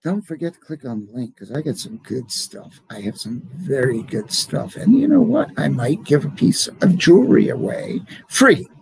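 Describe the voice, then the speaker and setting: A middle-aged man, a jewelry business owner, talking casually to camera in an animated, rambling, emphatic way. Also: a little high, moderate pace, gravelly, slight background noise, poor audio.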